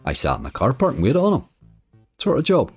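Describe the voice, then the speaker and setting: A man's voice: mid-range voice, wildly swooping pitch, a little fast, slightly rough, dry recording, soft background music. A man streaming slots, chatting casually and answering viewers' comments. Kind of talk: casual livestream chat.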